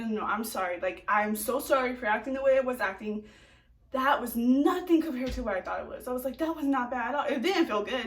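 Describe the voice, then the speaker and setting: A young woman telling a casual storytime vlog, chatty, laughing often and filling her talk with "like". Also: a little high. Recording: echoey room, distant from mic.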